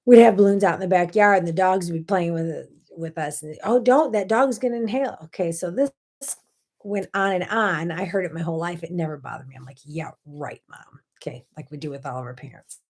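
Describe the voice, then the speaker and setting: A woman hosting her own casual morning talk show, telling stories with lively energy and sudden bursts of loud emphasis. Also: on the low side, fast talker. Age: 30s or older. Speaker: host.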